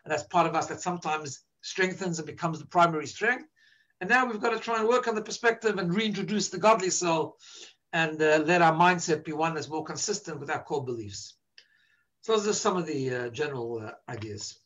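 A man with a fairly high voice gives a relaxed spiritual lecture to a gathered audience. He teaches through stories and keeps checking in with a quick "right?". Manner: storytelling, frequent "right?" checks. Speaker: religious teacher. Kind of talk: informal lecture to a live audience.

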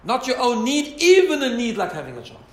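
A man teaching an informal Torah class, animated and asking listeners rhetorical questions. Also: very high-pitched, a little fast. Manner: animated, mixes Hebrew and Yiddish terms, asks listeners rhetorical questions. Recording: roomy echo, faint ambience.

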